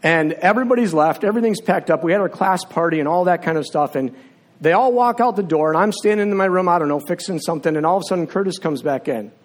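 A man's voice sitting a little high for a man carries a sermon in a church sanctuary. He tells stories in a relaxed, conversational way, like a teacher talking to a class. When he leads the room in prayer, he drops into a low, hushed voice. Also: fast. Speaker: preacher. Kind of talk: sermon with personal storytelling and prayer. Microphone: filmed on camera while preaching.

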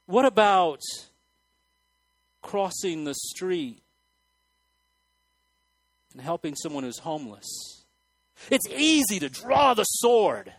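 A man preaching a sermon to a church congregation, moving between quiet, earnest asides and loud, excited outbursts. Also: sits high, slow, long pauses, dry recording, poor audio. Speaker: pastor.

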